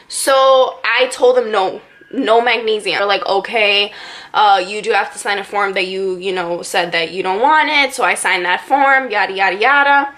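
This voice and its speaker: A young woman vlogger casually telling a personal story to camera, animated and full of "like"s. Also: medium pitch, normal speed. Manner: animated, filler-heavy retelling with many "like"s.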